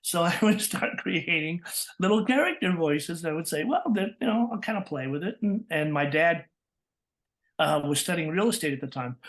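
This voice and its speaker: A man from California tells stories as an interview guest. His voice sits somewhat high. He talks with animated energy, breaks into laughs, and slips into the voices of the people he quotes. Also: moderate pace. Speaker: guest, voice actor. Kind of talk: interview storytelling.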